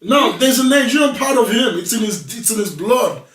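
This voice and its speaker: A man's voice: very high-pitched, expressive, brisk, a bit bright. A young adult man in a casual talk-show chat, telling stories animatedly and with emphasis. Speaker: guest. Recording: echoey room, mic at a distance.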